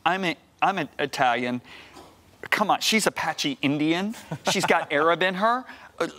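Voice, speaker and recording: In a TV studio, a middle-aged man appears as a guest on a Christian program, preaching through an animated personal story. His voice sits on the high side, bright and forceful, at a normal speed, and he repeats words and plays out conversations as he goes.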